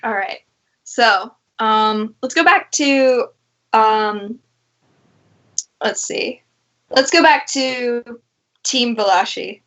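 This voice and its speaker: A woman's voice: fairly high pitch, extremely slow, long pauses, fairly bright tone, muffled recording. A woman narrating a tabletop game as game master, patiently explaining the rules.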